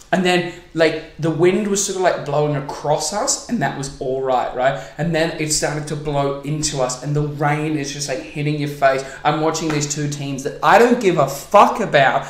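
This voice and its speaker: A man hosting a casual comedy podcast, his voice sitting a little higher than most men's. He tells stories and teases his guest, swearing freely. The room around him is echoey. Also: normal speed. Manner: swearing, storytelling, teasing. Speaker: podcast host.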